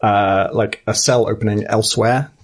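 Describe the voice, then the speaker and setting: Wry husky male player. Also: on the low side, steady tone, moderate pace. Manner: wry, joking. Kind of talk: casual tabletop play.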